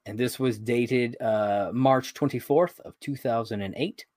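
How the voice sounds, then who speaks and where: A man's voice: mid-range voice, a little slow, a little mellow, no echo, studio quality. A man co-hosting a podcast, chatting casually about a sitcom episode, rambling, laughing often and swearing now and then. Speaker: podcast co-host.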